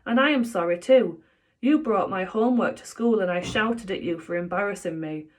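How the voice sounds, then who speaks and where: A woman's voice: medium pitch, moderate pace, close to an everyday voice. A woman voicing an earnest, kind young boy who talks in an eager, heartfelt way in a storybook.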